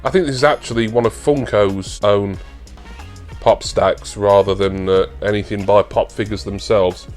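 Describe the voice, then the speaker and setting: Chatty British man, low register, warm collector-vlog unboxing patter that tips into excited gushing; faint music underneath. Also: moderate pace. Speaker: toy collector vlogger.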